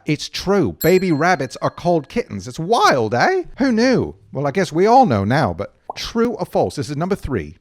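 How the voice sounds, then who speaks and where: A young man hosting a kids' trivia game as a camp counselor, goofy, playful and self-mocking. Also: medium pitch.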